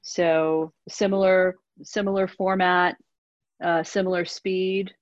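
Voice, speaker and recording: A woman's voice: lowish voice, little pitch movement, takes it slowly, dry recording. A woman answering audience questions in a webinar, hesitant, with many fillers and restarts. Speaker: industry analyst answering questions. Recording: dull lo-fi webinar audio.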